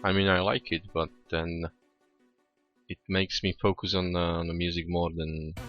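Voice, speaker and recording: A man's voice: low-pitched, flat delivery, normal speed, dull audio. A man, not a native English speaker, chatting casually on a live stream while programming, hesitant, with many restarts and fillers. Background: faint music playing.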